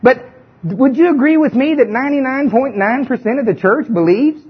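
Male preacher, high husky voice, chatty but emphatic sermon, dull lo-fi recording. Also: expressive, normal speed. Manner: conversational, emphatic, asks the audience questions.

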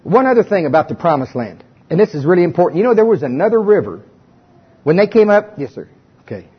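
A man preaches a sermon in an animated, folksy storytelling manner with a bit of humor. His high voice swoops up and down a great deal and has a husky edge. The recording sounds muffled and lo-fi. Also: fast. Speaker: pastor. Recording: dull lo-fi recording.

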